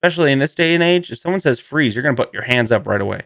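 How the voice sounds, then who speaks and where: A man's voice: mid-range voice, animated, rapid-fire, vocal fry, a bit bright, no room sound, studio quality. Rambling man hosting a comedy monologue. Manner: rambling and playful, laughs often, jumps into goofy voices. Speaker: host.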